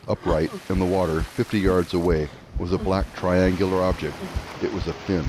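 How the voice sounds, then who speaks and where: A man giving a measured, clear scripted voice-over reading. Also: low-pitched, fairly even intonation, noisy background.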